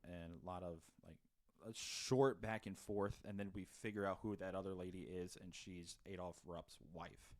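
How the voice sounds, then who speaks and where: Low-voiced and darkish in tone, this man keeps his intonation fairly even and talks at a moderate pace with few pauses. As a podcast co-host in a casual movie review chat, he rambles through a film's plot recap, full of fillers and restarts.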